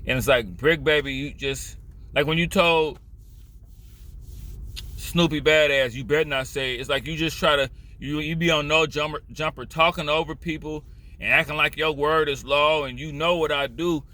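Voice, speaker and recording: A man's voice: a little high, fairly even intonation, normal speed, bright, forceful tone. A man from Richmond, California, with a Californian accent, giving blunt, profane, rambling street commentary in a casual vlog.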